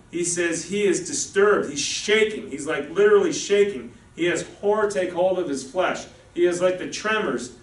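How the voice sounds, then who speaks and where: A man preaching a sermon as pastor in a conversational, folksy way, with frequent asides to the congregation. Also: fairly high pitch. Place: church. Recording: echoey room, voice from a distance.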